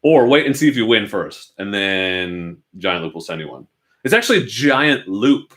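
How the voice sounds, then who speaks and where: A young adult man from Oregon in the United States hosts a motorcycle channel, answering viewers from his home garage. He chats casually and pokes fun at himself. His voice is low-pitched, expressive and a bit bright, at a moderate pace.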